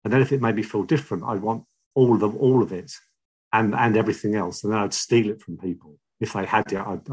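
A middle-aged man with a London accent telling his own recovery story, halting and repeating words, wry and confessional. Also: medium pitch, darkish tone, breathy edge. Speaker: speaker sharing a recovery story. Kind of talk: personal testimony.

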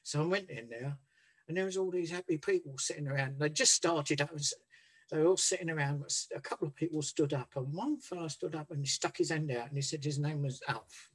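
A man tells a personal recovery story candidly. He rambles, restarts his sentences and swears freely. His voice sits a little high for a man. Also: fairly quick, slightly rough.

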